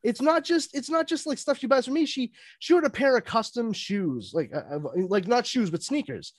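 A man on a podcast telling a story in a casual, animated way, swearing freely as he goes. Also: very high voice, brisk, no echo, clean studio sound. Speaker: podcast panelist.

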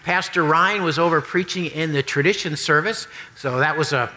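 A man's voice: on the high side, moderate pace, bright, forceful tone. A middle-aged male pastor preaching a sermon, telling folksy joke stories before reading scripture. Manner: folksy storytelling with jokes.

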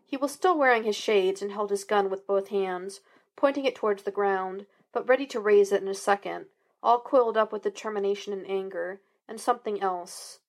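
Woman narrator, audiobook reading, steady, even, mid pitch. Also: normal speed. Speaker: podfic reader.

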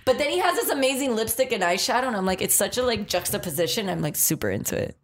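A woman's voice: a little high, quick pace. A woman co-hosting a podcast in casual chat, telling stories and acting out what people said. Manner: animated storyteller who acts out quotes. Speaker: podcast co-host.

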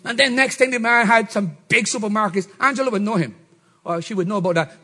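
A middle-aged man preaching a sermon, swinging from shouts to low murmurs. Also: brisk. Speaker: pastor.

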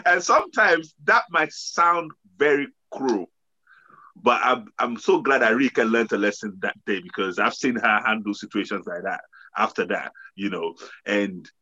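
A middle-aged father telling a family story in a casual talk, lively and giving advice. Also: lowish voice, measured pace. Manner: lively and instructive. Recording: slightly dull lo-fi sound.

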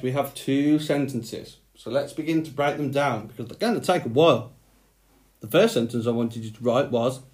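A man's voice: mid-range voice, a little mellow. A man teaching a phonics lesson to young children, speaking patiently and sounding out letters one by one.

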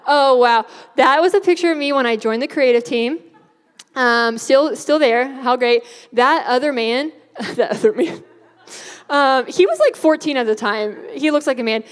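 A woman's voice: sits high, moderate pace, smooth. A young woman giving a youth sermon in a bubbly, chatty way, laughing often. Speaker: youth speaker. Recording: hall reverb.

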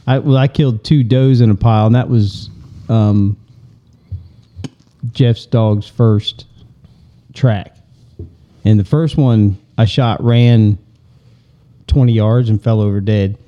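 A man's voice: fairly low pitch, fairly even intonation, slow, pauses often, warm tone, muffled recording. A man on a podcast chatting casually about hunting, laid-back and laughing along with the others. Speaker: podcast co-host. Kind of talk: casual chat.

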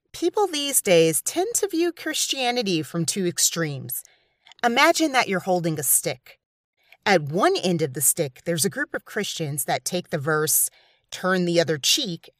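Woman doing a bible talk, low voice that swings up and down a lot, earnest. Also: fairly bright tone, no room sound, clean studio sound. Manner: earnest, emphatic, quotes scripture. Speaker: Christian speaker. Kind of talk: scripted devotional talk.

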